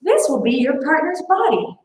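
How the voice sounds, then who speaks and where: Young woman teaching martial arts online, high bright voice, chatty and jokey, big echo all around. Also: very animated, moderate pace. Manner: chatty, playful, laughs often. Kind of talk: online class instruction. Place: home training space. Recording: very echoey room.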